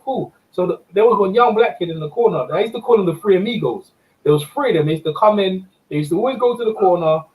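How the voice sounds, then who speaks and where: A man hosting a casual chat, telling animated stories, laughing often and repeating words. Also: sits high, rough recording. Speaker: host and amateur boxing judge.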